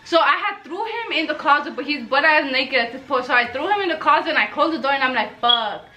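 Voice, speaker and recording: A young woman in a casual storytime vlog, her voice high and bright. She tells the tale in an animated, loose way, swears without a second thought and slips into quoted lines as she goes. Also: quick pace, rough recording. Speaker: storytelling vlogger.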